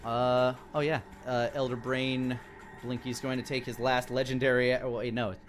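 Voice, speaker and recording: A man running a tabletop role-playing game as dungeon master, narrating scenes in a relaxed, descriptive way with playful sound-effect noises. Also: mid-range voice, moderate pace, a little hiss or hum.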